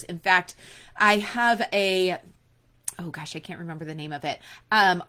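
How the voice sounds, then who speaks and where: A woman's voice: medium pitch, fairly bright tone. A woman in her forties coaching listeners in a casual workshop, chatty and upbeat, speaking straight to the listener. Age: 40s. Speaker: online business coach.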